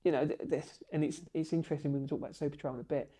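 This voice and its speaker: A man, a guest on a podcast, telling long stories in an animated and emotional way. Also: on the high side, racing. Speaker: podcast guest, bricklaying tutor. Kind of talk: storytelling in a podcast interview.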